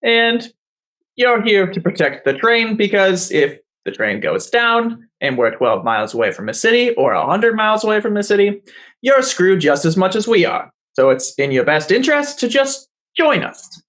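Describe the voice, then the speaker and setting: A man running a tabletop game as game master, casual and quick to laugh. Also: high voice, sing-song, fairly bright tone.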